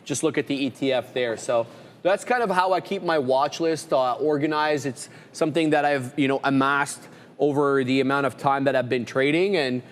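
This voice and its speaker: A man with a mid-range voice speaks at a moderate pace, trailed by long reverb. Co-hosting a live trading show, he rambles in a relaxed way through his watch list, listing stock names.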